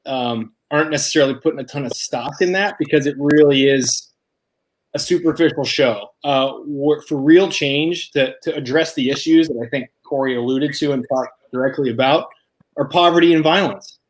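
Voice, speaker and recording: Measured, articulate male caller. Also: on the high side. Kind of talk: casual conversation.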